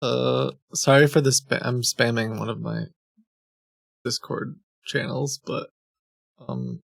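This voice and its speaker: Gravelly, rambling male streamer. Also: medium pitch, fairly even intonation, slow, no echo, studio quality. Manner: rambling, reads chat logs aloud with frequent ums and restarts. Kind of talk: casual live-stream chat.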